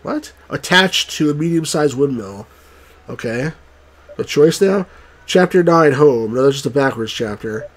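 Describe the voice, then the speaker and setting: Slow, stumbling let's play reader, a man. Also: fairly high pitch, lively intonation. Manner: halting, stumbles and rereads words. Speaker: game reviewer. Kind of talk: reading game text aloud on a let's play.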